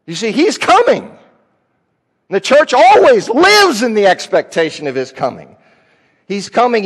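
A male preacher teaching a Bible passage in a conversational sermon, repeating key phrases for emphasis. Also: sits high. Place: church sanctuary. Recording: long hall reverb.

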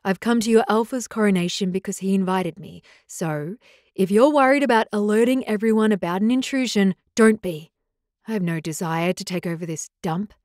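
A woman's voice: medium pitch, normal speed, darkish tone, no room sound, clean studio sound, lightly acted. A woman voicing a stern, curt young male werewolf alpha in an audiobook. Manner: curt, disapproving. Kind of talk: audiobook character voice.

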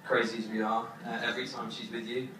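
A young man giving his wedding toast as the groom, halting with many fillers and fighting back tears. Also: medium pitch, little pitch movement. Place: wedding reception hall. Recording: echoey hall from far off, crowd noise.

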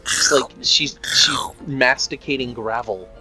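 A man's voice: medium pitch, measured pace, sharp tone, faint music behind, rough recording. A man as a player in a tabletop roleplaying game, joking with friends. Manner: joking, playful. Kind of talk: casual game chat.

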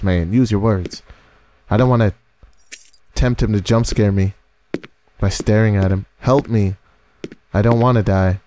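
A man's voice: fairly low pitch, warm tone, a little hiss or hum. A man giving nervous horror game commentary, talking to the game's ghost as he plays. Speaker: gaming video creator.

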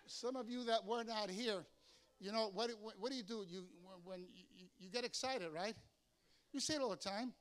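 High, bright-voiced pastor telling stories. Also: male voice, moderate pace. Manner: storytelling, animated, acts out voices in anecdotes. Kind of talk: sermon. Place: church sanctuary.

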